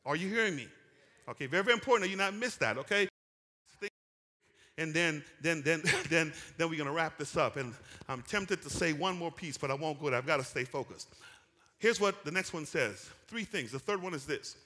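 A man's voice: fairly high pitch, moderate pace. Fiery preacher man in a reverberant hall. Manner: animated preaching with call-and-response, rising to shouts. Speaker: pastor. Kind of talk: sermon. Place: church sanctuary.

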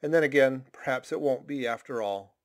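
A man's voice: mid-range voice, a little fast, voice pushed up, natural voice. A man doing a raving old sailor prophet. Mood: ominous, insistent. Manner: cryptic, insistent, ominous warnings. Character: shabby, intense old male sailor prophet.

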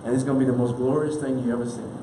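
A man preaching a sermon in a folksy, casual way, acting out quick little voices and laughing often. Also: medium pitch, steady tone, gravelly. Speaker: minister. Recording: echoey room with faint noise.

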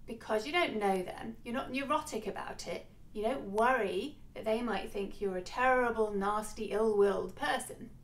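A woman giving a scripted educational narration, speaking clearly, instructively and a little wryly. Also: a little high, moderate pace, few pauses.

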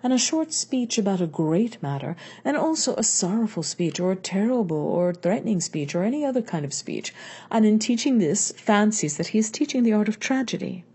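A woman's voice: medium pitch, sing-song, fairly quick, dark tone, slightly rough, pitched above the performer's own voice. A woman reading the lines of an older male philosopher in a patient, questioning manner. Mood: reasoning. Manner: reasoned, questioning delivery.

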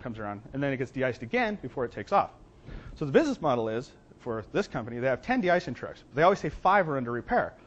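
A man telling a business story to entrepreneurs in quick, wry, animated bursts. His voice sits at an ordinary pitch and moves briskly through the tale. The recording sounds dull and lo-fi. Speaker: business plan consultant and speaker.

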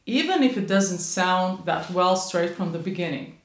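A woman's voice: lowish voice, animated, moderate pace, roomy sound. A woman vocal coach giving a patient instructional lesson on growling, demonstrating light sounds as she explains.

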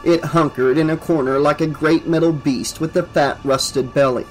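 A male narrator reads a horror audiobook in a steady, measured voice. His voice sits slightly high, with faint music beneath it. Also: low-quality recording. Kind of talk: scripted narration.

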